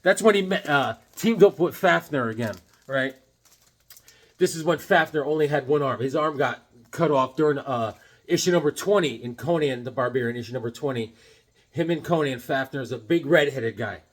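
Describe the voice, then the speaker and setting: This middle-aged man, a comic collector vlogger, has a husky medium-pitched voice and speaks at normal speed. He shows off the comics he picked up in a casual, enthusiastic chat, getting excitable and cracking jokes.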